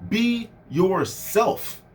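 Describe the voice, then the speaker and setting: A young man talking straight to his listeners in a loose, chatty motivational style. His voice sits high and bounces through a wide range, and he drops it low and lifts it again to make a point. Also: very slow. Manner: animated, swings voice up and down for effect; conversational with many fillers. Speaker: motivational speaker. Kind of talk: casual motivational monologue.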